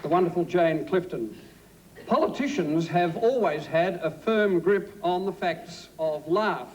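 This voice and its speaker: A male moderator introduces each speaker with dry, pun-heavy wit. His voice sits high for a man. Clear noise runs beneath the broadcast recording. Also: expressive, unhurried. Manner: dry, wordplay-laden. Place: theatre stage.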